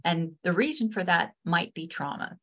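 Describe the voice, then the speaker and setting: A woman trainer with a West Virginian accent giving a webinar lesson over a video call, earnest and halting, with many restarts and fillers. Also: lowish voice, fairly bright tone. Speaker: state ombudsman and trainer.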